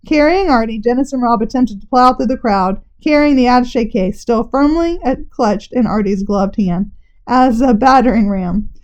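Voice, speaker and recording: A woman's voice: on the high side, normal speed. Woman reading a storybook aloud, lo-fi. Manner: lively, puts on brief character voices. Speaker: narrator reading a children's novel aloud.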